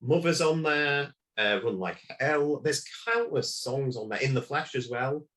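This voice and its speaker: A man's voice: mid-range voice, sing-song, unhurried, a bit bright. A man as a podcast guest, talking about a film and album in a casual, rambling way with lots of fillers.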